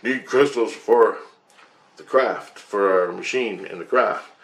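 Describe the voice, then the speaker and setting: Calm male alien foreman, matter-of-fact, low-set voice, as a man retells him. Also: slow pace, distant mic, poor audio. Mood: explaining. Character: calm male alien crew leader directing a dig.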